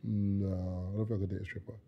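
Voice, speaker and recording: A man's voice: sits low, level tone, quick pace, vocal fry, dull audio. A man with a British accent, a podcast guest, chatting casually and bantering with a joking, laughing manner.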